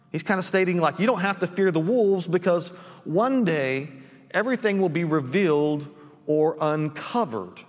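High-voiced pastor preaching in a reverberant church. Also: male voice. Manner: conversational, frequent restarts and tag questions. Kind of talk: sermon. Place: church sanctuary.

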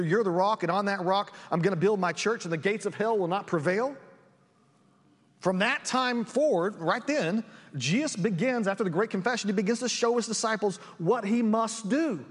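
Male pastor, high-pitched, emphatic sermon delivery, church with a long echo. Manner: earnest, emphatic, restarts often. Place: church sanctuary.

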